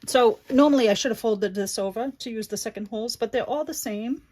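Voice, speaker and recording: A woman's voice: fairly high pitch, fairly quick. A middle-aged woman hosting a chatty livestream craft tutorial, reading viewer comments aloud between steps. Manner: chatty, warm toward her daughter and viewers, reads chat aloud.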